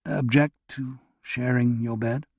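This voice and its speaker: A man's voice: medium pitch, steady tone, takes it slowly, a little mellow, no echo, clean studio sound. A man reading a tired, courteous period doctor. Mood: hesitant. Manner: hesitant, courteous. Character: tired, earnest widowed doctor in period England.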